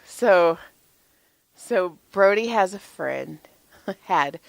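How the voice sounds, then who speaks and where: Animated woman telling a story, dry sound. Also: on the low side, very slow, creaky, dry recording. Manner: animated, laughs and swears while telling a story. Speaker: podcast co-host. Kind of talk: casual storytelling.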